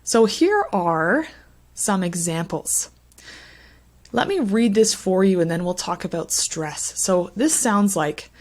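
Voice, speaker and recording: A woman giving an English pronunciation lesson, speaking slowly and stressing key words as she lists examples. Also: on the low side, expressive, a little mellow. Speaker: English teacher.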